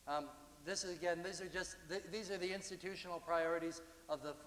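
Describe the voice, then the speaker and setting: A man giving a university lecture about slides, talking in a conversational, halting way with frequent restarts. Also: high voice, fairly even intonation, a bit bright. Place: lecture hall. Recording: echoey hall, distant.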